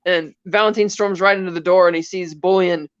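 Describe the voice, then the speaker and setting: Woman podcast co-host, lively plot recap, dry close sound, a bit lo-fi. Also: lowish voice, a little fast, no echo. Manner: animated storytelling, briefly acting out characters' lines. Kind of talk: casual chat retelling a film scene.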